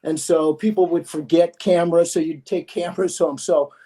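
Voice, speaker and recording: A man hosting a podcast, telling animated, rambling anecdotes full of asides in a casual chat. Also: fairly high pitch, moderate pace. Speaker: podcast host. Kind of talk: casual storytelling.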